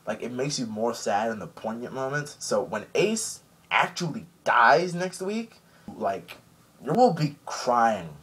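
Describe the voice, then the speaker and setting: A man reviewing an anime episode in a casual recap, animated and rambling with many fillers. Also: mid-range voice, unhurried, slightly rough.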